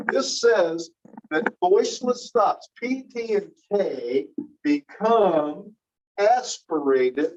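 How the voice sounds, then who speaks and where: A slow, unhurried teacher working through a phonetics lesson, stopping to quiz the class. The sound is dull and lo-fi, like a plain classroom recording. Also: medium pitch. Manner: patient, quizzing students with questions. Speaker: linguistics teacher. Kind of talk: classroom lecture.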